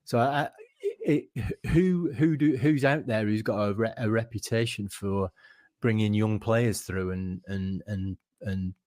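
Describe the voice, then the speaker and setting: A man's voice: on the low side, a little slow, darkish tone, no room sound, studio quality. A man co-hosting a casual football podcast, thoughtful and restarting sentences as he thinks aloud.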